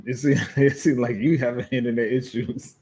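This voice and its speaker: A man hosting a podcast, chatting casually and haltingly about a clip. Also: medium pitch, steady tone, darkish tone, husky. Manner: halting, repeats himself. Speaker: podcast host. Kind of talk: casual chat reacting to a clip.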